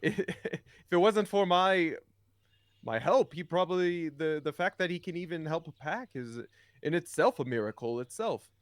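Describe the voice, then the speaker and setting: A friendly adventurer in a tabletop game who boasts a little and trips over his own words, played by a man with a fairly high voice. The recording is dry and close, with no room sound. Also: animated, clear, resonant tone, no room sound, natural voice. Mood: teasing. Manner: halting, repeats words, chuckling.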